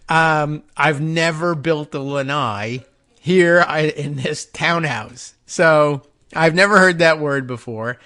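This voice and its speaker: A man's voice: on the high side, slow pace, sharp tone. Rambling wry male talk show host. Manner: rambling and digressive, thinking aloud; wry and self-mocking. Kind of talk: casual monologue on a call-in talk show.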